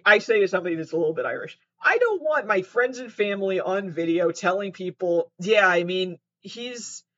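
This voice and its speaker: A man's voice: high voice, sing-song, brisk, bright, forceful tone, dull audio. A man sitting on his mattress at home, reading aloud and riffing in a rambling, sarcastic, self-deprecating way, with some swearing. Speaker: host. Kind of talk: casual commentary, reading aloud.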